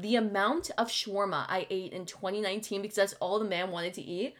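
A young woman co-hosting a podcast, chatting casually and quickly with lots of "like". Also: mid-range voice, steady tone. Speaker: podcast co-host. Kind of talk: casual chat.

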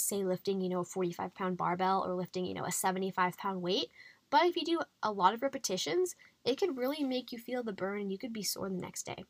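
A woman's voice: mid-range voice, fast talker, no echo. A young adult woman hosting a podcast, chatty and encouraging, with frequent fillers. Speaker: podcast host. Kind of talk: faith-based health podcast monologue.

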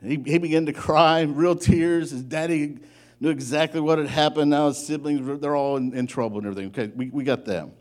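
A man preaching a sermon, telling a folksy story in an animated way and often breaking off to restart his sentences. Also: fairly high pitch, fairly quick. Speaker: pastor.

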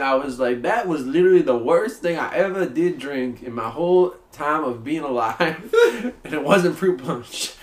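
A young man telling a story with playful exaggeration in casual chat as a podcast co-host. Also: fairly high pitch. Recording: echoey room.

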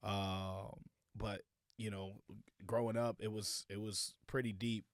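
A young man talks in an easygoing way and chimes in with short agreements. His voice is smooth and resonant, and it is recorded close and dry. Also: fairly low pitch, takes it slowly, no room sound. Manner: relaxed, backchannels, loud laughs. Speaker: podcast co-host. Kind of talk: casual chat.

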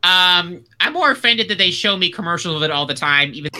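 A man with a very bright, sharp voice and lively pitch, trading jokes on a comedy podcast. He sounds mock-indignant, stumbling over words as he rants. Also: a little fast. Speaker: podcast co-host. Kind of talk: casual comedy banter.

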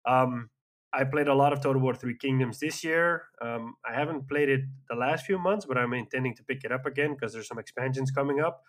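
Man, casual podcast chat, mid-pitched voice, enthusiastic, rambling, lots of fillers. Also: brisk, fairly bright tone.

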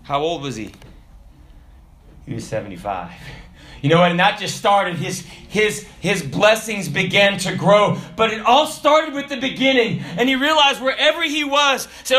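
Guy preaching, high bright voice, acts out little voices and shouts sometimes. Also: normal speed. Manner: animated preaching with acted-out voices and sudden shouts. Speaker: pastor. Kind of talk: sermon.

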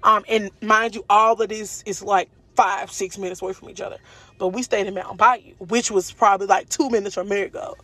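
A woman, telling a personal story casually to her viewers in an animated way. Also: no room sound. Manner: animated, acts out quotes with jumps in pitch, speaks fast and slow by turns.

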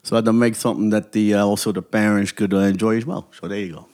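A man with a New York Italian-American accent and a fairly low voice. He talks gruffly and swears freely. He bristles at any interruption in an improvised comedy sketch. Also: fairly even intonation, darkish tone. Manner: gruff, profane, quick to take offense.

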